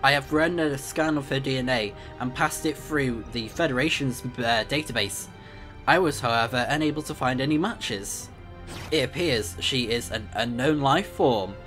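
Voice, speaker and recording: A man's voice: medium pitch, normal speed, fairly bright tone, soft background music, natural voice. Guy reading out a polite robot ship guy, stiff and formal, trips on words sometimes. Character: formal, dutiful male starship AI. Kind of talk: reading game dialogue aloud.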